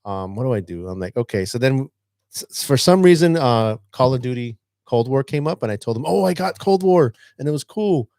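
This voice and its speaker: Brief: male podcast co-host, teacher, lively storyteller, dry sound, middle pitch. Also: a little fast, no room sound. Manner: animated, acts out a student's lines. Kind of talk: casual storytelling chat.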